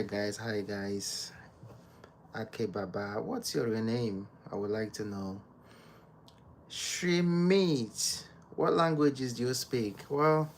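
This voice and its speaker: A man from Nigeria hosts a relaxed live stream from home, greeting each viewer by name. His pace is slow and easy, and he speaks softly. A faint hum of room noise sits behind his voice. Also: fairly low pitch. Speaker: livestream host.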